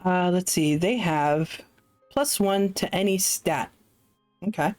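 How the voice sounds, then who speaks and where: Slow-talking woman streamer, low voice. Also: a little mellow, soft background music. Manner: chatty, self-deprecating, thinks aloud with fillers. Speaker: streamer playing a solo tabletop game. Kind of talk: casual live-stream chat.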